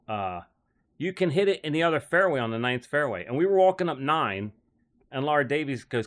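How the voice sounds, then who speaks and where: A man in an easy, rambling storytelling mode, full of "like" and quick laughs. His voice sits at an ordinary middle pitch for a man, and he recounts his caddie days in a loose, chatty way. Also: fairly bright tone. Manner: rambling, heavy use of "like", frequent laughs. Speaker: caddie telling stories as a guest. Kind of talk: casual storytelling.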